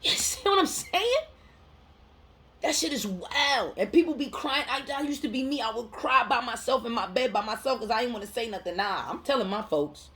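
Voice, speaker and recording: A woman counselor in mental health speaks to camera in a fairly high, slightly bright voice, brisk and with hardly any pauses. Her heartfelt, slangy motivational monologue is emphatic, with phrases repeated for impact.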